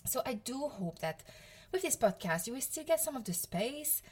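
A woman's voice: high voice, sing-song, normal speed, darkish tone, slightly rough. French woman in her thirties, chatty podcast host. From France, Provence. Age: 30s. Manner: chatty and self-deprecating, laughs often. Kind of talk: casual solo podcast talk.

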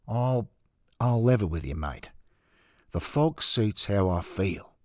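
A man's voice: on the low side, lively intonation, takes it slowly, darkish tone, no echo, clean studio sound. A man voicing a subdued, hesitant Australian former footballer in an audio story, with an Australian accent. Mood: downcast.

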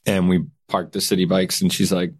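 A man's voice: sits low, little pitch movement, brisk, husky. A young man from Canada, a guest telling a story in casual chat and acting out the lines people said.

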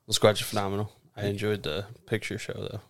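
A man's voice: fairly low pitch, completely flat delivery, quick pace, creaky, fairly bright tone, dry recording. A man co-hosting a casual podcast chat, laughing often as he talks. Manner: laughs often, reads a respectful disclaimer. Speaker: podcast co-host.

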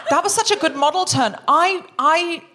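A woman's voice: very high voice, normal speed, background noise. A woman co-hosting a live comedy podcast on stage, playful and self-mocking, laughing often. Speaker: co-host. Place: theatre stage before a live audience.

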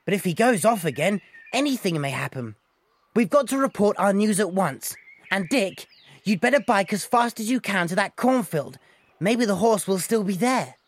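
A man voicing a decisive boy who gives orders briskly. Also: high-pitched, animated. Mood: urgent. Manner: brisk, commanding.

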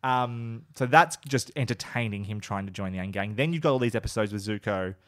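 A man's voice: fairly low pitch, brisk, dry recording. Give me an eager man chatting on a podcast, with a dry close sound. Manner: enthusiastic, emotional, swears casually, recaps scenes. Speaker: podcast co-host. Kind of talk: casual chat.

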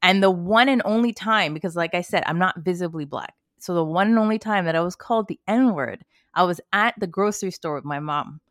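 A Canadian woman co-hosting a podcast, telling personal stories in an animated way with quoted asides. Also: fairly low pitch, fairly quick, hardly any pauses, no echo, studio quality. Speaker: podcast co-host. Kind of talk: casual chat.

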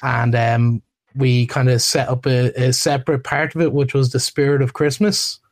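A man appearing as a podcast guest, talking casually in a relaxed, hesitant way with many ums. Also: mid-range voice, moderate pace. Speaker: guest, massage therapist. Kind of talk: casual interview chat.

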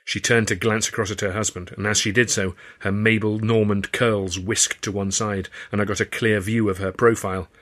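A man narrating his own novel in the first person, in a wry, measured storytelling manner. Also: on the low side, flat delivery, a bit bright. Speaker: author reading his novel.

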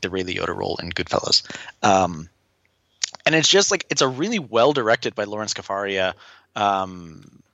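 Bright-toned male film podcaster. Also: fairly low pitch, dry recording, dull audio. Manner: enthusiastic, quick reviewing. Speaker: podcast co-host. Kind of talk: casual chat.

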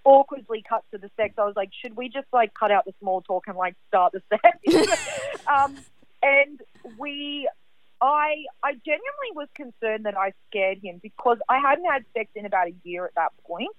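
A woman caller telling a personal story in an animated, chatty way, heavy on fillers. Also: on the high side, normal speed, dry recording. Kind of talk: casual storytelling. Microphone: phone. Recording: tinny phone line.

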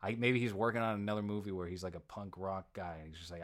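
A man's voice: low voice, fast talker, noisy background. A man hosting a casual movie review chat, opinionated and given to sarcastic asides. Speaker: podcast host.

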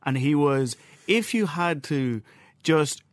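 An Irish man, a journalist guest, telling an animated anecdote in casual chat. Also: a little high, takes it slowly, no room sound, clean studio sound. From Ireland.

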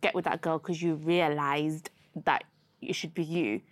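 A woman's voice: deep voice, steady tone, unhurried, dry recording. A young woman, stating firm, blunt opinions in a casual group chat.

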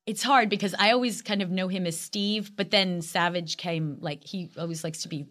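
A woman in her sixties, an actress and guest, chatting animatedly and telling lively stories in a casual interview. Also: on the low side, moderate pace.

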